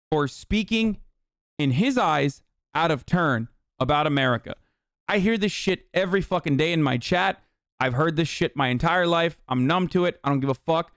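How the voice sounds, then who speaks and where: A man's voice: on the high side, a bit bright, clear, resonant tone, no room sound, studio quality. A man streaming heated political commentary, ranting angrily and swearing constantly. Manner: profane, angry ranting.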